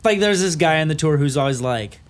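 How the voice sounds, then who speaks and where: A man's voice: a little high, animated, a little fast. A man co-hosting a podcast in casual chat, telling a rambling story and laughing between lines. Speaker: podcast co-host.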